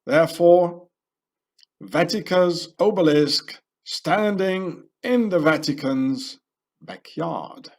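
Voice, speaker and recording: A man's voice: a little high, darkish tone. A man narrating a conspiracy video in a rambling, ranting voice-over, full of fillers and restarts.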